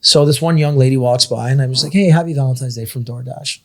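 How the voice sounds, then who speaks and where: A young man chatting as a podcast guest, telling animated stories with frequent swearing and filler words. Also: medium pitch, fast. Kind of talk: casual chat.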